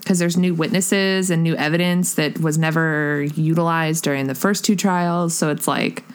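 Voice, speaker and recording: A woman's voice: deep voice, steady tone, moderate pace, clean tone. A young woman co-hosting a podcast in a casual chat, talking in a giggly, rambling way with lots of fillers. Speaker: podcast co-host.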